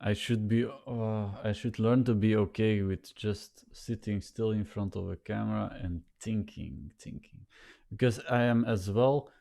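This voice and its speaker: Slow, gravelly, nasal man thinking aloud. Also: lowish voice, mellow. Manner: halting, self-conscious, repeats words and restarts. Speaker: vlogger. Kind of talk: rambling thinking-aloud monologue. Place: sitting in front of a camera.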